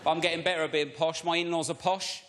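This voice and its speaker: A man's voice: a little high, fairly even intonation, fast, heavy background noise. A man doing a self-mocking stand-up routine, telling chatty stories on a large theatre stage. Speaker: stand-up comedian. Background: audience laughter.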